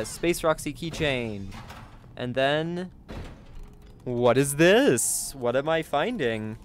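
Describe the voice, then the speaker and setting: A man talks through a horror game in a let's play, jumpy and quick to yelp or gasp at every scare. His voice sits at an ordinary middle pitch. Faint game music plays underneath. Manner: jumpy and excitable, gasping and yelping at scares. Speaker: gaming YouTuber.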